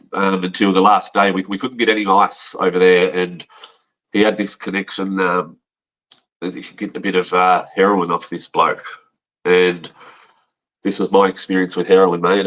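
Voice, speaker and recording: Australian man, very low voice, frank rambling storyteller, swears, muffled lo-fi podcast sound. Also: fairly bright tone. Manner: rambling, frank, swears, says mate often. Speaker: podcast guest telling his story. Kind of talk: casual storytelling.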